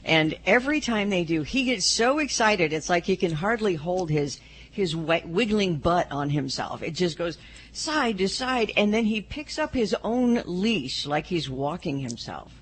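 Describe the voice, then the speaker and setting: A husky woman co-host reading the news on a radio show. She sounds playful, with a low voice that swoops up and down a lot. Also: lively intonation, a little slow. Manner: playful, giggly. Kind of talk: radio chat.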